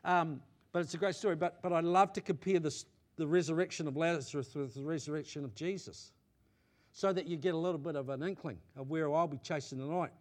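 A male pastor preaching to his congregation, swinging between loud emphatic declarations and quiet asides, often repeating himself and checking that listeners are with him. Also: a little high, a little fast. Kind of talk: sermon. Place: church.

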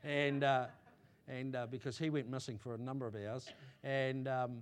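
A man preaching a sermon and sharing his testimony, halting with restarts and swelling to loud emphatic peaks. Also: mid-range voice, steady tone. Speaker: pastor.

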